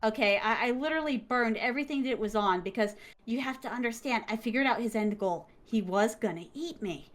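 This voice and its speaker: A woman's voice: on the high side, fairly quick. A woman, an interview guest, telling a story casually and animatedly, acting out the dialogue with emphasis.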